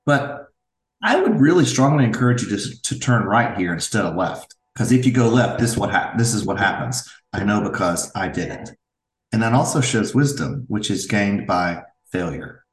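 A middle-aged man, a father, talking earnestly as a podcast guest and telling stories from family life. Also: lowish voice. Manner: earnest, storytelling, with restarts. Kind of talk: reflective interview talk. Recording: roomy echo.

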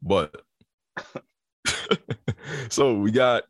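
Laid-back deep-voiced young man hosting. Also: expressive, drawn-out words, pauses often, dry recording, studio quality. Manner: laid-back, says "man" often, laughs easily. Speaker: podcast host. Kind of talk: casual sports podcast chat.

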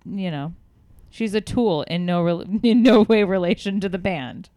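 A woman's voice: mid-range voice, a little slow, a crowd in the background. A woman guesting on a casual podcast, chatty, laughing between remarks and restarting her sentences. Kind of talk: casual chat.

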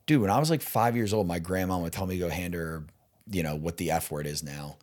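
A young man, a stand-up comedian guest on a podcast, talking in a casual, rambling way, full of "like" and "dude" and quick laughs. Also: sits low, a little mellow. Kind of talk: casual chat.

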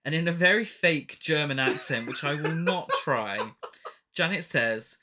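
A man's voice: on the high side, lively intonation, a little slow, noisy background. A man co-hosting a casual film-review podcast, laughing often as he retells the plot. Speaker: podcast co-host.

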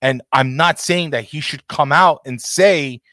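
A man's voice: a little high, a little slow, sharp tone, no echo, studio quality. A man hosting a casual football talk show, ranting passionately and swearing freely. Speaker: podcast host.

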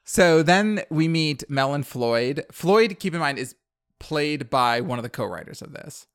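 A man's voice: a little high, animated, unhurried, fairly bright tone, smooth, no echo, clean studio sound. A young man co-hosting a podcast, recapping a movie in rambling casual chat full of "like" and laughter. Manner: rambling, filler-heavy, laughing often. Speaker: podcast co-host.

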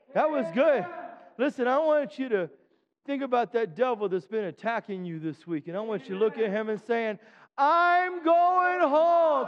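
A man preaching a sermon as pastor in a church, urging the congregation to respond and rising into loud chanted shouts. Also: extremely high pitch, big-room sound, highs cut off. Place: church sanctuary.

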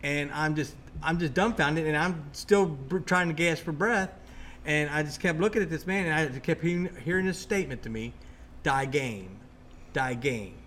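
A man in casual conversation, telling a ghost story in an excitable, rambling way with many restarts. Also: a little high, brisk, slight background noise.

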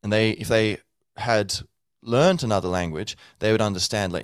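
A man's voice: lowish voice, moderate pace, hardly any pauses, clear, resonant tone, no echo, clean studio sound. A man hosting a podcast, speaking in a loose, rambling monologue full of fillers and sounding tired from little sleep. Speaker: podcast host.

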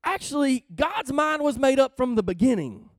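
A man's voice: very high-pitched, big pitch swings, moderate pace, no echo. A man preaching in a conversational way, reading scripture aloud and explaining it emphatically, often checking in with his listeners. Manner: emphatic, reads scripture then explains it, asks the listeners questions. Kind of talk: conversational Bible teaching.

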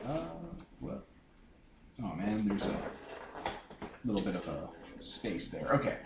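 A man's voice: fairly low pitch, big pitch swings, slow, creaky, long pauses, noisy background. A man running a tabletop game as game master, talking casually with fillers and restarts. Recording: echoey room, mic at a distance.

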